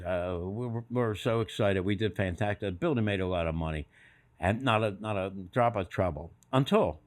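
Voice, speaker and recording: Older guy telling old stories on a podcast, really lively up and down voice, does everybody's voices. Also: medium pitch. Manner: animated, acts out other people's voices in quotes. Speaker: podcast guest. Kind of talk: storytelling anecdotes.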